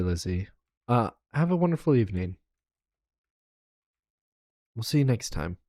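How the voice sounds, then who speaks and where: Low-voiced man muttering through a game stream. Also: very animated, a little slow, long pauses, dark tone, no echo, studio quality. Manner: mutters and counts to himself while building. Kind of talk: casual gameplay commentary.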